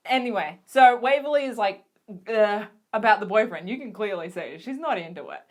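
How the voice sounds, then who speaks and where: Gushing Australian woman with a raised pitch. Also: moderate pace. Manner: gushing, excitable, giggly, full of fillers. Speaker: vlogger. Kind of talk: casual fangirl recap vlog.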